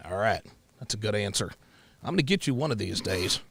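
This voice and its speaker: A man's voice: fairly low pitch, expressive, brisk, gravelly, fairly bright tone, pitched below the performer's own voice. A man playing a pushy white southern man on a date, asking prying, roundabout questions in a comedic role-play.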